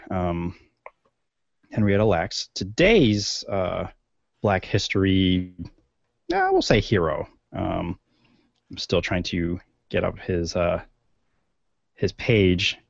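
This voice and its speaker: A man with a low, gravelly voice co-hosts a podcast, rambling through casual chat with lots of fillers and restarts. The recording has no room sound and is dull and lo-fi.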